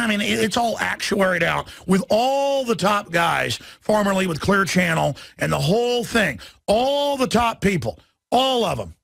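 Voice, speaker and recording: Gravelly ranting male radio host. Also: high-pitched, animated, normal speed, no room sound. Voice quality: gravelly, husky. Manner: combative, mocking, rising to shouts. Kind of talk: ranting monologue.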